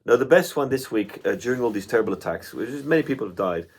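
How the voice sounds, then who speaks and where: A podcast co-host with a husky, medium-pitched voice talks animatedly at a quick pace. In casual chat he spins stories and swears freely.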